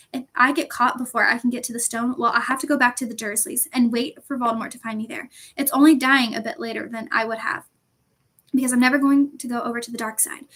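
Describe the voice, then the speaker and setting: A woman's voice: a little high, a bit bright. A woman reading the part of a determined young schoolboy who speaks urgently and insistently.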